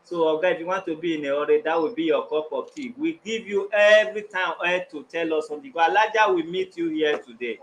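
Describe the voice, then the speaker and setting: A man working as a mediator, speaking firmly and telling a rushed complainant to calm down and speak clearly. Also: on the high side, rough recording. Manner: firm, scolding, tells him to calm down. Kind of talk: firm mediation talk.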